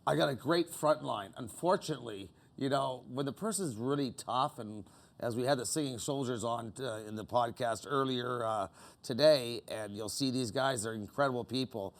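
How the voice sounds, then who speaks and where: A man's voice: medium pitch, normal speed, gravelly. A man from Canada, a guest on a talk show in a music club, telling rambling, self-mocking anecdotes full of "you know.". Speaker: interview guest. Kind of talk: casual anecdotes.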